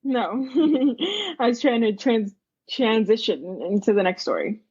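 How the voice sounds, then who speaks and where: A woman's voice: fairly high pitch, lively intonation, a little slow, a little mellow, husky, muffled recording. A woman co-hosting a podcast in casual, playful banter that breaks often into giggles. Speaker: podcast co-host. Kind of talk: casual chat.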